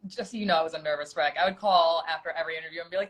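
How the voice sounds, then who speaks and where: A woman's voice: lowish voice, fairly even intonation, racing, few pauses. A woman hosting a casual livestream chat, chatty and self-deprecating, telling stories about being cast. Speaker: host, former reality show contestant. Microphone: phone or laptop on a video call.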